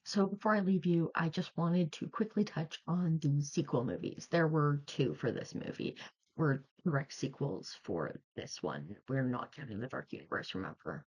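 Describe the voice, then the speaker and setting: A young adult vlogger tells a story in a loose, rambling way, filling sentences with "like". The voice sits at a middle pitch. The audio is slightly dull and lo-fi. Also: darkish tone. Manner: rambling, chatty, heavy use of "like". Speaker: video creator. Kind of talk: casual storytelling vlog.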